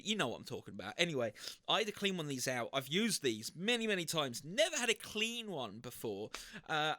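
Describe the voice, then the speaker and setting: A man answering viewer questions in a casual storytelling Q&A, animated and acting out the people in his anecdotes. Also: mid-range voice, no echo.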